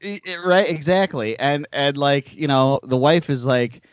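A man hosting a casual podcast chat, telling rambling stories with animated asides. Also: mid-range voice, a little slow, smooth, no room sound, lo-fi sound. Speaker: podcast host.

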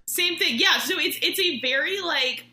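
A woman's voice: very high voice, normal speed, sharp tone, roomy sound, rough recording. A woman in her thirties telling a story in casual chat, with lots of "like" and laughing through it.

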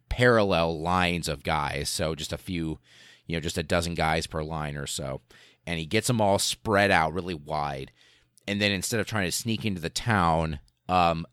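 A man hosting a podcast, telling a history story in a casual, animated way with profanity and lots of fillers. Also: deep voice, no echo, studio quality. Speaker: podcast host.

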